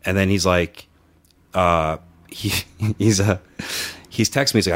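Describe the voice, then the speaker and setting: A man's voice: low-pitched, steady tone, unhurried. A man co-hosting a casual podcast, telling stories and acting out what others said, with frequent swearing. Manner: storytelling, acts out others' quotes, swears freely. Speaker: podcast co-host and wrestling promoter.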